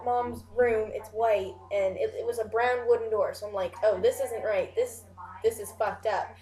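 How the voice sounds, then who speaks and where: A woman's voice: on the high side, darkish tone. Rambling young woman in an echoey room. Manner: rambling, swears often, many "like" and "you know" fillers. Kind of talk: casual storytelling of a dream.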